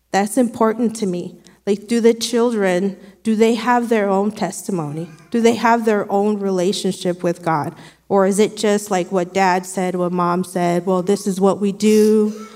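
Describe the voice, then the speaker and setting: A woman's voice: medium pitch, fairly even intonation, moderate pace, darkish tone, long reverb tail. A woman sharing an earnest, conversational devotional with her church. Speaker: church speaker.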